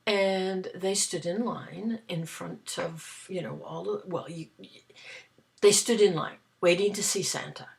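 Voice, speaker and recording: Slow, gravelly woman telling stories. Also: lowish voice. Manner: chatty, rambling, with fillers. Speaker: storyteller. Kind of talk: casual storytelling.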